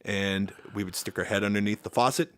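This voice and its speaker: Animated storytelling man, low voice. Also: fairly quick, clear, resonant tone, no room sound, clean studio sound. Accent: American. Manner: animated storyteller, acts out quotes with sudden loud jumps. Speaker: guest, band vocalist. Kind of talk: casual storytelling chat.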